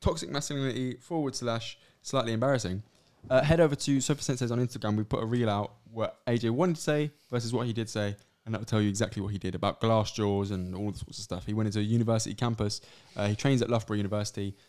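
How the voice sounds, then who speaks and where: A man co-hosting a podcast in casual chat, quick and joking, reading listener questions aloud. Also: lowish voice, fairly even intonation, a little mellow. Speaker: podcast co-host.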